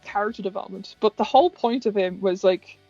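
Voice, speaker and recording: An Irish woman chatting casually with a friend, talking quickly in bursts with many restarts. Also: medium pitch, mellow, husky, no echo, lo-fi sound, faint music behind. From Ireland. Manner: chatty, frequent restarts and swearing. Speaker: podcast co-host. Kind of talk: casual chat.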